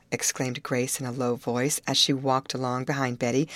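Low-voiced woman narrating an audiobook. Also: fairly even intonation, no echo. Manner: measured storytelling.

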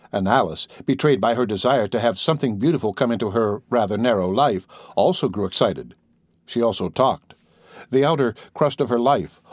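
A man narrating an audiobook in a measured, even reading style. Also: medium pitch, dry recording, studio quality. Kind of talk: scripted narration.

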